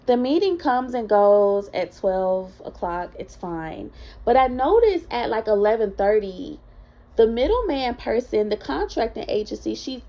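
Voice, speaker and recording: A vlogger with a warm, creaky, medium-pitched voice tells a story from her own life, chatting candidly and straight to her viewers. The recording is dull and lo-fi.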